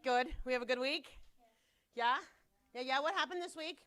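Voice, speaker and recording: A bubbly woman leads a children's Sunday school class, teasing the kids and rattling along quickly. Her voice is bright and a little high, with a forceful ring to it. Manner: bubbly, teasing, fast-talking. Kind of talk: children's class, lively and playful.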